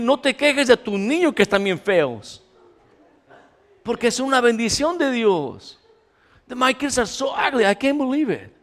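A man preaching a humorous sermon in a church, mixing in some Spanish and acting out complainers. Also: high-pitched. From Latin America. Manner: animated, jokey, acts out complainers, mixes in Spanish. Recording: reverberant church hall.

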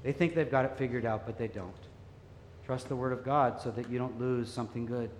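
A man preaching a sermon, earnest and animated, telling stories and urging listeners to keep growing. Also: medium pitch, a little fast, slight background noise. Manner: earnest, animated storytelling, laughs easily. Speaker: pastor. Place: church sanctuary. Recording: echoey hall with faint ambience.

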